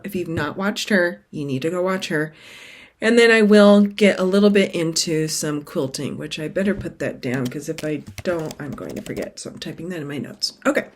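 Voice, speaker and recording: A middle-aged woman hosting her cross-stitch vlog in casual, rambling chat that keeps drifting off topic. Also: mid-range voice. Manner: rambling, chatty, sidetracked.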